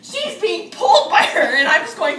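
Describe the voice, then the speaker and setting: Animated, laughing young woman telling a story. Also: very high-pitched, normal speed, distant mic. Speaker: vlogger. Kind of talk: excited storytelling with friends. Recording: echoey room with faint noise.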